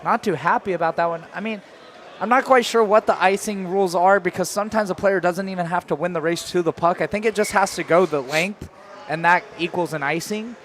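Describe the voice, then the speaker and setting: High-pitched guy doing play-by-play for rec hockey, rambly and chatty, bit of background hum. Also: fairly quick, fairly bright tone. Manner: chatty, rambling between plays, jumps to calling shots. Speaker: play-by-play announcer.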